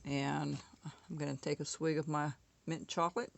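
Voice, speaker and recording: A woman's voice: deep voice, little pitch movement, moderate pace, creaky, no echo. A woman casually talking through a woodcarving tutorial at home, chatty and often correcting herself. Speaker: woodcarving instructor.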